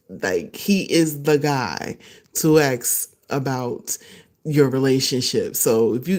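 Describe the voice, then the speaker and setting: Animated, laughing woman podcast host. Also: deep voice. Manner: animated, laughing, acts out voices of others. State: excited and a little nervous. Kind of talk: casual solo livestream chat.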